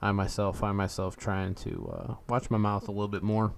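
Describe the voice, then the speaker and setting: A man's voice: on the low side, little pitch movement, moderate pace, vocal fry, a little hiss or hum. A man co-hosting a casual podcast, rambling with lots of fillers. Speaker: podcast co-host. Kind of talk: casual chat.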